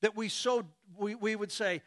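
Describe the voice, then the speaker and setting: A man's voice: sits high, steady tone, normal speed. A man preaching a sermon who acts out imagined dialogues and chuckles between points.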